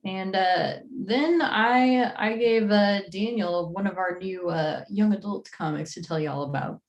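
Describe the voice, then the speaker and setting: A woman's voice: medium pitch, a little slow, roomy sound, muffled recording. A woman hosting a casual livestream rundown of new comics, chatty and full of fillers. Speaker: comics publisher staff host.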